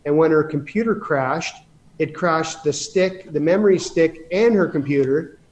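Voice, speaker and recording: A man's voice: fairly high pitch, unhurried, darkish tone, slight background noise. A man from Canada, a real estate investor and podcast guest, telling stories in a rambling, emphatic way with many restarts. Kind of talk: casual storytelling in conversation.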